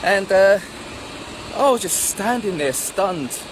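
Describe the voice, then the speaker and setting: Animated middle-aged man telling a story. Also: high voice, takes it slowly. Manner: animated storyteller who acts out the voices of people in his story. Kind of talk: storytelling monologue. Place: outdoors at sunrise. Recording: outdoor noise with passing traffic. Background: street and traffic noise.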